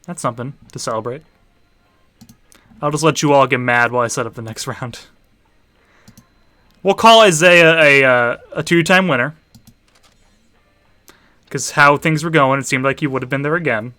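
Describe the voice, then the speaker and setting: A man's voice: mid-range voice, normal speed, long pauses, pushed and bright, no echo. Dry-witted man streaming a game. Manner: dry, offhand asides while setting up. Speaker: teacher streaming a party game for students. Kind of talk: casual livestream chat.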